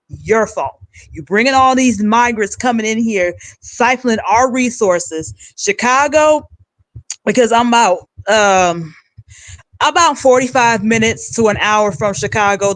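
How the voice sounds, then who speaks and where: A woman's voice: mid-range voice, fairly bright tone, no room sound, rough recording. A woman hosting a political commentary livestream, giving blunt, emphatic rants. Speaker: livestream host.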